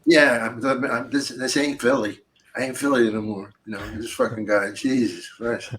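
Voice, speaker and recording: A man's voice: mid-range voice, fairly even intonation, normal speed, a bit bright, a little hiss or hum. An older man hosting a podcast in casual chat, a rambling, profane storyteller who laughs easily. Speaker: podcast host.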